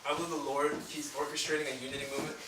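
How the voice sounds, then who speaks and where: A young man leading a group, talking casually and quickly with many "like"s and "right?"s. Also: on the high side, level tone, a loud crowd. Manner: fast, filler-heavy talk with lots of "like" and "right?". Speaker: campus ministry leader. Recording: echoey room, far from mic, noisy.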